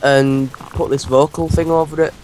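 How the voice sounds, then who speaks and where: Higher-voiced English teen gamer. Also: male voice, flat delivery, normal speed, darkish tone, faint music behind. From England. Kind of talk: casual gaming chat.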